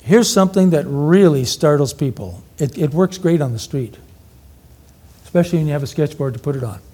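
A middle-aged man teaching an audience in an energetic, interactive sermon, firing questions at the crowd. His voice sits fairly high for a man, with a mellow, dark tone. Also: a little fast. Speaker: preacher, evangelism teacher.

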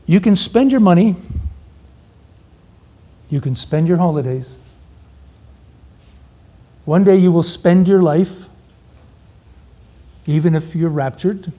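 A middle-aged man teaching an audience in an energetic, interactive sermon, firing questions at the crowd. His voice sits fairly high for a man, with a mellow, dark tone. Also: takes it slowly, long pauses, husky. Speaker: preacher, evangelism teacher.

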